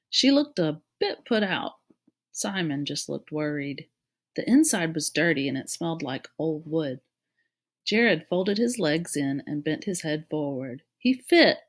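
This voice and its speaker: Lady reading a kids book out loud, steady, kinda low voice. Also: a little slow. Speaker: reader. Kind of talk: reading a children's novel aloud.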